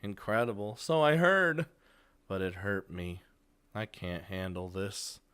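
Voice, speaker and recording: Guy reading as a worn out teen girl, flat and quiet, smooth clear voice, drawn out slow. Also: lowish voice. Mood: drained. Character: lifeless, exhausted teenage girl artist.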